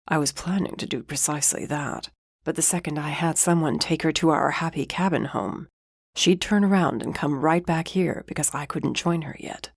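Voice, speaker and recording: Low-voiced woman reading a fantasy audiobook. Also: normal speed, husky, dry recording, studio quality. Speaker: audiobook narrator. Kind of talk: first-person audiobook narration.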